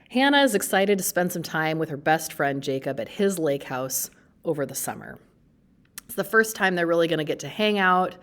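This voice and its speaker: Librarian presenting book talks: low-pitched woman, friendly and explanatory, pauses as she goes.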